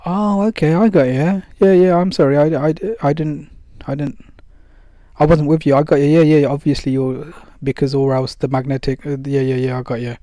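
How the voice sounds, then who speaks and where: A man's voice: on the high side, steady tone, normal speed, warm tone, no room sound, natural voice. A man voicing a flustered mother who stammers and over-agrees as she apologizes.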